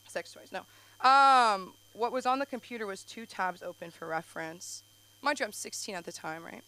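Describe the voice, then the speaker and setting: A young woman hosting a comedy open mic, doing rambling, self-deprecating stand-up full of quick asides on a club stage. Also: mid-range voice, expressive, sharp tone, low-quality recording. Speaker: stand-up comic and show host.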